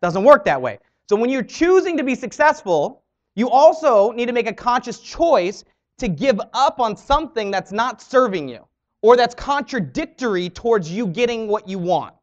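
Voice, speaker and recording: A young man speaks to an audience in a bright, high voice that leaps up and down with each point he makes. He talks in a motivational style and slips into quick little impressions of other people. The recording sounds dull and lo-fi. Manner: animated, acts out quoted voices. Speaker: network marketing speaker.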